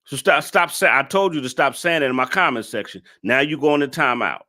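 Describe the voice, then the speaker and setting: A man's voice: medium pitch, a little fast, pushed and bright. A man hosting a live stream, reacting to a clip and scolding his chat commenters in an exasperated way.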